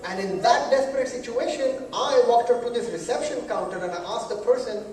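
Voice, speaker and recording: A man's voice: very high-pitched, normal speed. Man doing stand-up, echoey distant stage sound. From South Asia. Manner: animated storytelling, acting out both sides of dialogue. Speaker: stand-up comedian. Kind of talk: stand-up comedy. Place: stage in a venue with audience. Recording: echoey, distant room recording with noise.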